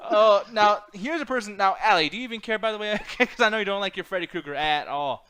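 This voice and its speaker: A man co-hosting a podcast, excitable and profane in casual chat. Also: high voice, quick pace, smooth. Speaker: podcast co-host.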